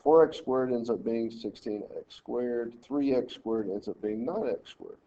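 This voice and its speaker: Guy teacher walking thru math problems step by step, mellow voice, kinda dull lo-fi sound. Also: mid-range voice, a little slow, a little hiss or hum. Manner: talks through problems step by step, directing students. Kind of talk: screen-recorded math lesson walkthrough.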